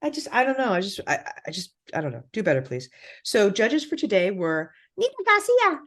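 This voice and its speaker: A middle-aged woman co-hosting a podcast in casual chat, candid and animated, swearing freely. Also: medium pitch, a little fast. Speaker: podcast co-host.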